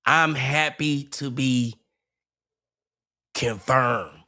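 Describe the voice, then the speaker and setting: This livestreamer speaks very slowly in a mid-range voice that sounds pushed and bright. Reacting heatedly to a clip, he mocks it, says the same things again, and trips over stammers and restarts.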